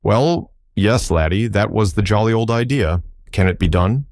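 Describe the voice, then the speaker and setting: A man's voice: lowish voice, normal speed, darkish tone, slight background noise, lightly acted. A man voicing a nervous, apologetic upper-class young man who stammers and bumbles through his words. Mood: bumbling.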